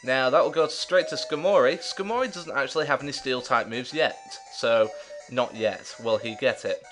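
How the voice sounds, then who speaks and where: A man's voice: medium pitch, normal speed, music in the background. A man hosting a let's play, giving casual gameplay commentary with chatty, jokey, self-mocking asides.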